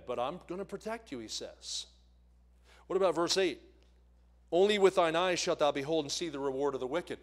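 In a church sanctuary, a visiting evangelist from the American Northeast preaches a sermon, telling stories and asking the congregation questions. His voice is a little high and moves at a moderate pace.

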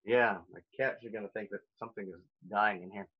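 A man's voice: fairly low pitch, fairly even intonation, fairly quick, dull audio, very noisy. A man teaching a recorded elementary music lesson, upbeat and playful as he talks straight to young children.

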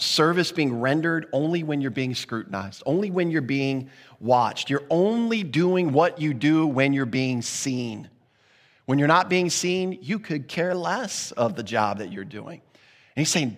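Pastor, male, higher-pitched voice, earnest and chatty delivery, long church reverb. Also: lively intonation, normal speed, a bit bright. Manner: earnest, conversational preaching with repeated restarts. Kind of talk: sermon.

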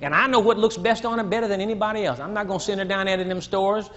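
An older man preaching a sermon to a congregation, teasing and blunt, rising to shouts and dropping low. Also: steady tone, quick pace. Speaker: pastor. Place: church. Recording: dull lo-fi church recording, faint crowd.

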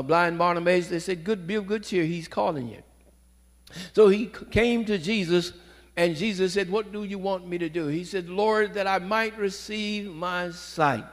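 Fervent preacher man, slightly high voice. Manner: fervent preaching with rising exhortations. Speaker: pastor. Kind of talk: sermon. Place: church sanctuary. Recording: long hall reverb.

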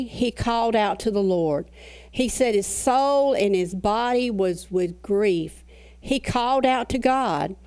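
Middle-aged woman pastor, earnest preacher, slows for scripture. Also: mid-range voice, darkish tone. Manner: earnest preaching with slow emphatic scripture readings. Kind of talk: sermon.

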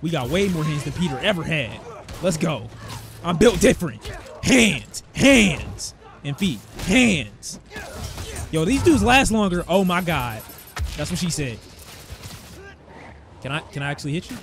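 A young man giving excitable, trash-talking commentary while playing a video game. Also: on the high side, moderate pace, long pauses, faint music behind. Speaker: gaming streamer. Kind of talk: let's-play commentary. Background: game soundtrack.

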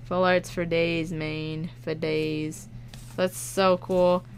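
A woman YouTuber chatting casually as she opens fan mail, excitable and quick to laugh, with bursts of shouting. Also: on the low side, slight background noise. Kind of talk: casual unboxing chat.

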